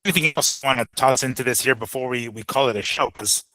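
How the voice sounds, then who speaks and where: A man co-hosting a boxing talk show, relaxed, reading the news aloud in casual chat. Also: medium pitch, fast, dry recording, rough recording. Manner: relaxed, reads news aloud, laughs easily.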